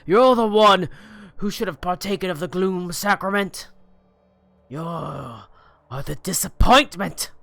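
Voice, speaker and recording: A man voicing a furious, disappointed father who shouts accusations in a tabletop game. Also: mid-range voice, measured pace, long pauses, no room sound.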